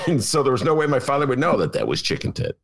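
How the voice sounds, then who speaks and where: An older man from Chicago hosting a casual political talk show, rambling, laughing often and breaking into loud outbursts. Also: mid-range voice, big pitch swings, fast. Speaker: podcast host.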